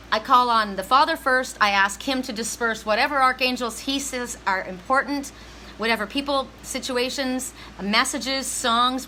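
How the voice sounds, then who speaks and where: A woman's voice: sits high, pushed and bright, slight background noise, low-quality recording. A middle-aged woman giving a heartfelt, emphatic spiritual reading to viewers on a live stream. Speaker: psychic reader.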